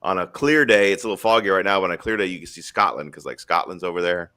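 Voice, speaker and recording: A man's voice: sits low, quick pace, bright, forceful tone, smooth. A man hosting a live stream in casual chat, rambling through stories in a blunt, profane way.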